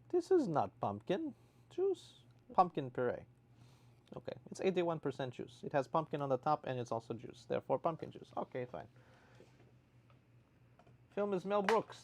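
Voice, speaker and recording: A man's voice: medium pitch, creaky, a little mellow. A man hosting a casual livestream, reading viewer comments aloud and answering them with dry, sarcastic jokes. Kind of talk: casual chat.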